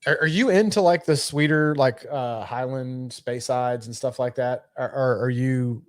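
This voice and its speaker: Podcast co-host, male, mid pitch, casual rambling delivery with swearing, dry close mic. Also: a little slow, no echo. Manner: laid-back, profane, rambling with fillers. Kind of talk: casual chat.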